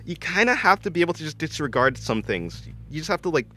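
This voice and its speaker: A man's voice: on the high side, sing-song, quick pace, sharp tone. A young man chatting on his art stream, answering viewers in a rambling, self-correcting way and laughing often.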